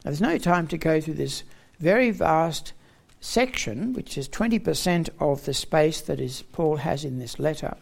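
Gravelly-voiced man teaching a sermon. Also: a little high, expressive, moderate pace. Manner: expository, with emphatic rising stresses. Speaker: preacher.

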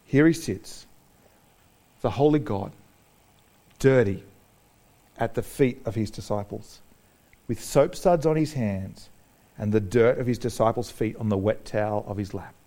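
A man preaching a sermon, animated, joking with the congregation and acting out the people he quotes. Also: fairly low pitch, measured pace, pauses often. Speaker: pastor.

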